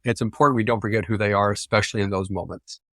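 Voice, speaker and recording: A man's voice: fairly low pitch, steady tone, fast talker, bright, forceful tone, dry recording, studio quality. A man from the United States, a guest in an interview, speaking earnestly and from the heart. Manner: earnest, heartfelt, quote-driven. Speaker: interview guest, ethics practitioner. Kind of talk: reflective interview talk.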